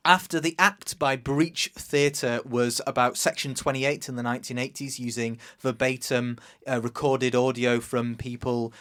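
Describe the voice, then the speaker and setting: A man's voice: medium pitch, fairly even intonation, measured pace, few pauses, a bit bright. A man hosting a podcast, talking enthusiastically and casually with many fillers. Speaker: podcast host. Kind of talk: casual podcast chat and interviewing.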